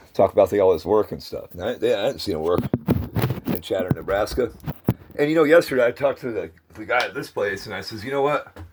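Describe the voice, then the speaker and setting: A middle-aged man with a husky, somewhat low voice, rambling on camera in a casual vlog. He meanders from one thing to the next with grumbling asides, recorded outdoors. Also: darkish tone. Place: outdoors near a dumpster.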